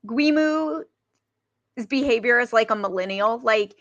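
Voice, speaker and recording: A woman's voice: a little high, measured pace, a bit bright, no room sound, dull audio. A woman co-hosting a casual movie chat, chiming in with short comments and laughs. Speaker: podcast co-host.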